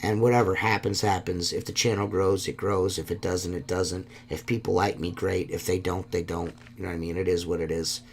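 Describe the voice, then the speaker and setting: Low gravelly-voiced man, rambling and sincere. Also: little pitch movement, fairly quick, few pauses, a little hiss or hum. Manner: rambling, heartfelt, swears a lot. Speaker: podcast host. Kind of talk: solo podcast talk.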